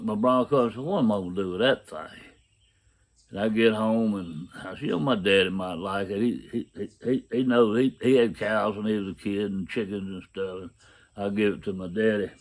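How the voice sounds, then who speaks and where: A man's voice: lowish voice, fairly even intonation, a little fast. A man giving a personal testimony in a folksy, plain-spoken way, acting out the dialogue of his story.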